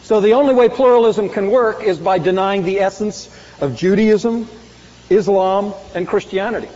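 A man preaching a sermon with emphatic delivery, swinging sharply between loud and soft. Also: moderate pace. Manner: emphatic preaching, dramatic swings in pitch and volume. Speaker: pastor. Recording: muffled sound with long hall reverb.

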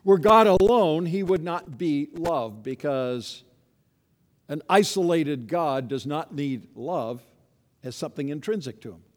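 A man preaching a sermon in an earnest, emphatic way, slowing down to stress key phrases. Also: a little high, animated. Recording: long hall reverb.

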